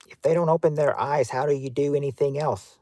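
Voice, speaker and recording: On a dry recording, a Kentucky man with a Southern accent speaks briskly in a mellow, fairly high voice. He's hosting a casual outdoor livestream, reading viewer chat out loud and restarting himself often.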